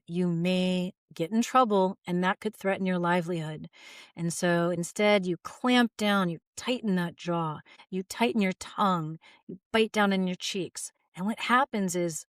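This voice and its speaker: Calm woman voice teacher, dry sound. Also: fairly low pitch, no room sound. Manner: calm, guiding, gentle. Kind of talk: instructional video talk.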